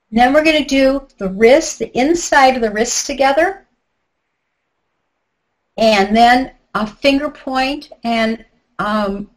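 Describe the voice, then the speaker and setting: A woman's voice: fairly high pitch, poor audio. Chatty woman guiding a tapping session. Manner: chatty, guiding step by step with asides. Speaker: tapping instructor. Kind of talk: live online workshop instruction.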